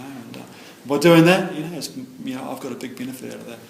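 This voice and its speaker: His voice creaky and mid-pitched, a middle-aged New Zealander talks fast with few pauses during a heartfelt, rambling share at a recovery meeting, often returning to "you know." The sound echoes around the meeting room with a faint hum of ambience.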